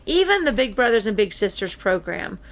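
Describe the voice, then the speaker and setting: A woman hosting a casual podcast, chatty with many fillers and quick laughs. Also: medium pitch, big pitch swings. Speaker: podcast host.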